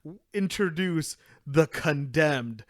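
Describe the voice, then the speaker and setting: A man's voice: fairly high pitch, expressive, slow pace, dry recording, studio quality. A young man co-hosting a casual anime review podcast, recapping scenes and acting out the characters' lines. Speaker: podcast co-host.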